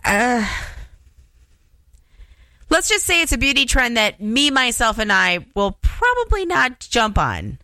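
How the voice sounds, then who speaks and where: A woman's voice: fairly high pitch, huge pitch swings, slow pace, pauses often, pushed and bright, no echo. A woman in her thirties, a radio DJ ranting sarcastically on air from the studio.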